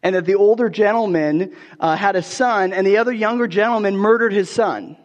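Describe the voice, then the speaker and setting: A man delivers a conversational sermon with a fairly high voice. The sound is dull and a long reverb hangs in the hall behind him. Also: brisk. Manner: conversational storytelling, many restarts and fillers. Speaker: pastor.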